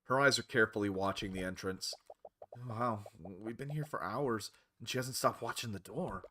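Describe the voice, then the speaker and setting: A man's voice: lowish voice, normal speed, background noise. A man playing a visual novel, reading the story aloud, voicing its characters and chatting about it between lines. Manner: animated, switches between character voices. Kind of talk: reading a game aloud with commentary.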